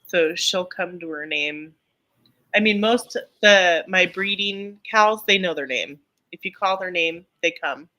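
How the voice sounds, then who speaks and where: A woman's voice: lowish voice, unhurried, pushed and bright. A middle-aged woman co-hosting a live stream, chatting casually and rambling with lots of ums and restarts. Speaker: co-host of a live chat stream. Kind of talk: casual chat.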